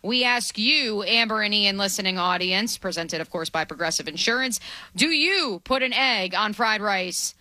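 A woman co-hosting a sports radio talk show, teasing and wry in quick banter. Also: medium pitch, expressive, sharp tone, no room sound.

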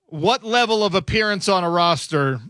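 A male sports radio host talks through the news in a casual, musing way, thinking aloud as he goes. His voice sits a bit high and rings bright and forceful. The studio mic is close and dry. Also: animated, moderate pace, no echo. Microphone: studio microphone.

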